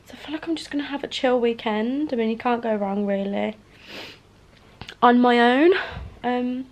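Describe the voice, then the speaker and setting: A woman's voice: fairly high pitch, normal speed, long pauses. A young woman, chatting casually to camera in a rambling home vlog. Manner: chatty, rambling, drops to a near whisper at times. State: out of breath. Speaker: vlogger. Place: home, indoors.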